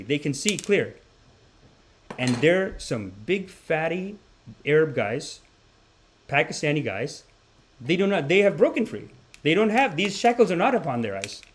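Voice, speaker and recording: A man hosting a comedy podcast, riffing in an animated, rambling monologue. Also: on the high side, slight background noise. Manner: animated, rambling, swings between voices. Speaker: podcast host.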